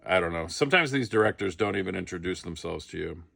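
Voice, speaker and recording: A man's voice: low-pitched, expressive, quick pace, creaky, bright, forceful tone, no echo. A middle-aged man casually telling a comic behind-the-scenes story, acting out the quotes. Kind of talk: casual anecdote.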